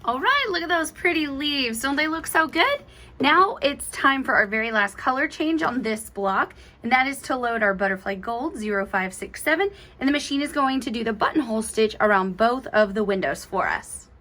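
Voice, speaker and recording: A woman's voice: sits high, lively intonation, moderate pace, sharp tone. A woman giving a chatty, enthusiastic step-by-step embroidery tutorial, gushing over cute details. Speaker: embroidery instructor.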